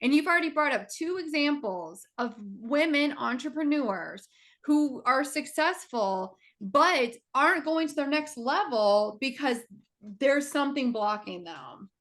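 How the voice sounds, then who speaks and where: A woman's voice: high-pitched, lively intonation, a little slow, fairly bright tone. A woman hosting a casual interview, encouraging her guest with frequent affirmations. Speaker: host.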